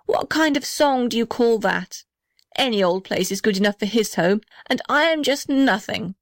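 A woman's voice: on the high side, animated, moderate pace, no echo, studio quality, voice pushed up. A woman voicing a small, lonely male house in a storybook reading, plaintive and self-pitying. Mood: bitter.

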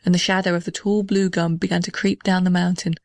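Woman storyteller, gentle steady read, dry close sound. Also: on the low side, fast talker, no room sound. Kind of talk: scripted narration.

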